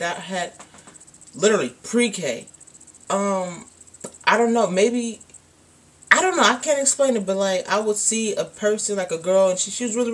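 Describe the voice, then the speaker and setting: A young woman vlogger telling a personal story in a casual, rambling way, full of "like" and "um". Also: mid-range voice. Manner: rambling, candid, lots of "like" and "um".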